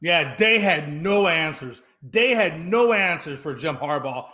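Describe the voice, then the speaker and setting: A man co-hosting a casual sports talk show, his voice high for a man and sharply bright. He rants with animated energy, swears freely and hammers his points home by repeating them. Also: measured pace. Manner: animated, profane, repeats himself for emphasis.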